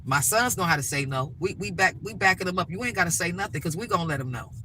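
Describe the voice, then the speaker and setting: A woman's voice: on the low side, lively intonation, fast, bright, forceful tone, slight background noise, poor audio. A middle-aged woman vlogging, ranting bluntly and emphatically with lots of repetition, from inside a vehicle. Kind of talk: ranting to-camera vlog.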